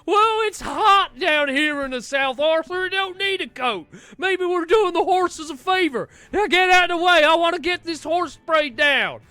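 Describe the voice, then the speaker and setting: A man's voice: very high-pitched, moderate pace, bright, forceful tone, no room sound. A man voicing a pompous, reckless male gang leader who talks in a bossy, smug, dismissive way.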